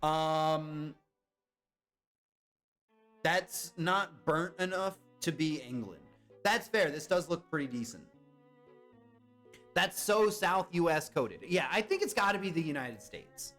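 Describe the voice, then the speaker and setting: Lively high-voiced young man streaming. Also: takes it slowly, long pauses, soft background music. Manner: chatty, reacting to chat with guesses. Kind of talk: casual live-stream chat.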